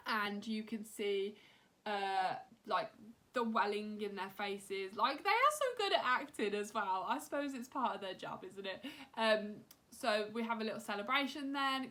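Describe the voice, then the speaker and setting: A woman's voice: medium pitch, a bit bright. A woman in her thirties, recapping a wrestling show in a chatty, emotional way, filling gaps with "um" and "like". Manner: chatty, emotional, heavy use of "um" and "like". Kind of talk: casual recap chat.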